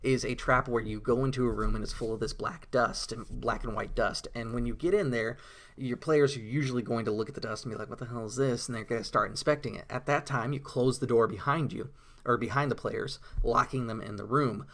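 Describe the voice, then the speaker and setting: A man's voice: mid-range voice, a little fast, fairly bright tone. A man giving a casual, rambling monologue about tabletop role-playing, with many fillers and enthusiastic storytelling. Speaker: tabletop RPG blogger.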